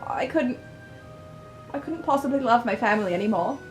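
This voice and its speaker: A woman's voice: a little high, expressive, moderate pace, faint music behind, natural voice. A woman voicing an earnest young man, the hurt adopted son, in a pleading, wounded way.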